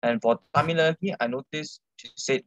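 A man's voice: fairly high pitch, moderate pace, a bit bright, no echo, poor audio. A man giving a grammarian report at a speaking club meeting in a matter-of-fact way.

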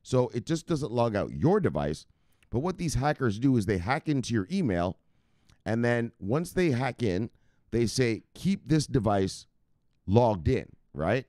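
A man hosting a crypto news stream, talking casually with slang and loud shout-outs, explaining things step by step. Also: mid-range voice, big pitch swings, normal speed, no echo, clean studio sound. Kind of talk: casual livestream talk.

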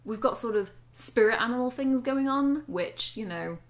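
A woman's voice: fairly high pitch, expressive, normal speed. A young woman reading her teenage fiction aloud and mocking it with wry, laughing asides. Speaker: vlogger reading her old writing. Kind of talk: casual vlog commentary.

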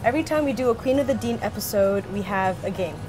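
A woman hosting an interview, prompting her guest with steady "mm-hmm"s and yeses. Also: medium pitch, fast talker, over music. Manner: lots of backchannel "mm-hmm", encouraging. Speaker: host. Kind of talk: casual interview chat.

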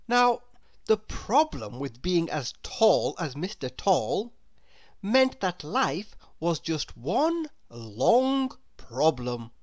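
A woman reading a children's picture book aloud in a slow, expressive, sing-song storytelling voice. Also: low voice, no echo. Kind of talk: children's read-aloud narration.

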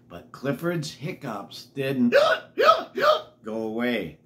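A man's voice: a little high, very animated, takes it slowly, slight background noise. An older man reading a picture book to children, chatting and asking them questions between pages. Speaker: storyteller.

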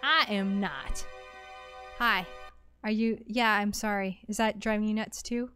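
A woman hosting a game stream, chatting casually and reacting with quick exclamations as she plays. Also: mid-range voice, flat delivery, a bit bright, clear, resonant tone, no room sound, soft background music. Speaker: streamer and show host. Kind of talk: casual let's-play commentary.

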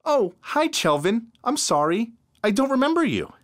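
A dazed young woman with no memory asks who's beside her, her voice high and soft, as a male narrator puts her on. She sounds sweet and groggy in an animated storybook. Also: moderate pace. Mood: confused.

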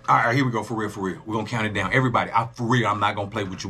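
A man hosting a music reaction video, joking loudly and talking straight to his viewers in a casual, profane way. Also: fairly low pitch, very fast, few pauses, slightly rough. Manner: animated, joking, profane, talks to his audience.

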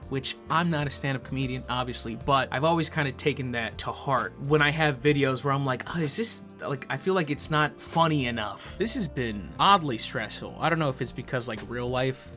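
A man's voice: medium pitch, sharp tone. A man narrating a video essay, then chatting casually and self-deprecatingly with frequent swearing. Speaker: YouTube commentator.

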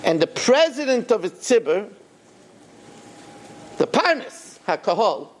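A man's voice: sits high, big pitch swings, measured pace, a little hiss or hum. An older man, a rabbi, telling a story in a sermon and acting out the quoted dialogue with animation.

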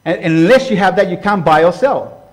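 Male preacher with a high voice, animated and conversational, addresses viewers directly. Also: a little fast. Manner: animated, talks to viewers as "guys", acts out quoted voices. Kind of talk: casual sermon to camera.

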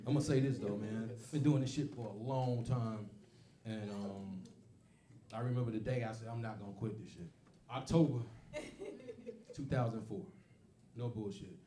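A man doing a stand-up comedy set, telling stories loudly and profanely and acting out other people's voices, with a laughing audience. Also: on the low side, moderate pace, pauses often, recorded from a distance. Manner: loud profane storytelling, acts out voices. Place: comedy club stage. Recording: echoey club, mic off from speaker, crowd noise.

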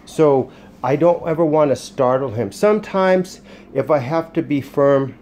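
Soft-spoken man training a dog. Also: on the high side, measured pace, slight background noise. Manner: soft, soothing praise with firm short commands. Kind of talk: casual training demonstration. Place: indoors at home.

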